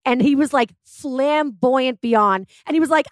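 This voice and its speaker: A woman's voice: high voice, fairly quick, no room sound. A woman who is a radio host, guesting on a podcast and chatting animatedly while she swears freely. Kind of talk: casual podcast chat.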